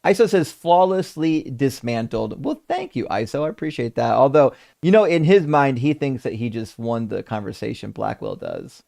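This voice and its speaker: Gravelly man hosting a live stream, profane and animated, reading out viewer chats. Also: medium pitch, normal speed, few pauses. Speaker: debate stream host reading super chats. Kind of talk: casual live-stream chat.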